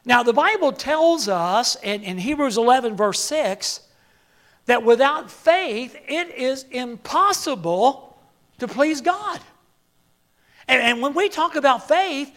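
An older man preaching a sermon, halting and repeating words, then building to emphatic peaks. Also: very high voice, fairly bright tone.

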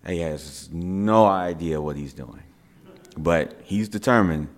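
A middle-aged man, a father, telling a family story in a casual, animated way and repeating words for effect. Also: low voice, slow pace. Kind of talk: casual spoken anecdote.

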